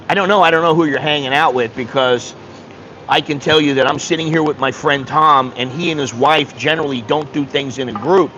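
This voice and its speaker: A man's voice: a little high, brisk, sharp tone, slight background noise, poor audio. An American man vlogging in a casual chat, telling stories bluntly and animatedly and swearing freely. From United States. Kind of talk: casual vlog chat, reading viewer comments.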